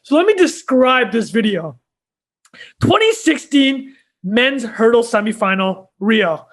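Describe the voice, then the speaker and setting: A man's voice: very high voice, sing-song, measured pace, fairly bright tone. A young man co-hosting a podcast, telling a story in casual chat and laughing often as he goes. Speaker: podcast co-host.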